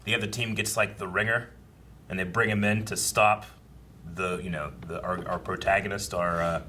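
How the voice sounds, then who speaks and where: A man with a fairly low voice chats loosely about a film he has just watched. He keeps circling back with "you know" and "like". There is a faint hiss behind him. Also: level tone, normal speed, pushed and bright. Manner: rambling, full of "you know" and "like". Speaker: host reacting to a film. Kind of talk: casual chat.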